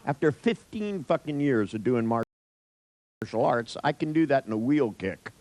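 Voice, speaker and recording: A man's voice: medium pitch, animated, measured pace, a little mellow, no room sound, rough recording. An older man telling a rambling personal anecdote in a wry, profane way, with many restarts and asides.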